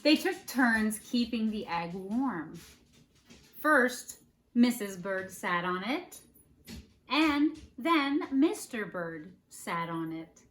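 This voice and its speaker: A woman, a preschool teacher, reading a children's picture book aloud in a playful, animated way and asking the listeners questions. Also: mid-range voice, slow. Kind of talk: children's storybook read-aloud. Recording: faint background noise. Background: dog barking now and then.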